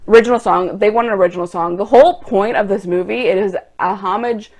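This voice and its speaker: A young woman vlogger reacting to online film reviews, exasperated and ranting, turning loud and quick when annoyed. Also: medium pitch. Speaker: movie vlogger.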